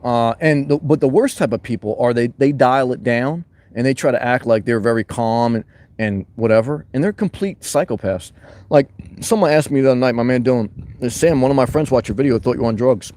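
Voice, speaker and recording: A man's voice: mid-range voice, a little fast. Boisterous man chatting on a livestream. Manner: loud, boisterous, shifting between fired-up and calm. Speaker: livestream host reading chat. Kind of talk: casual livestream chat. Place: his van.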